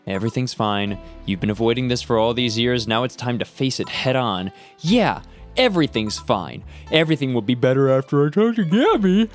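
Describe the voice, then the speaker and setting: A man's voice: mid-range voice, expressive, moderate pace, soft background music, close to an everyday voice. A man reading a bitter, weary bartender woman. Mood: nervous. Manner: brooding, self-reproaching, reading aloud.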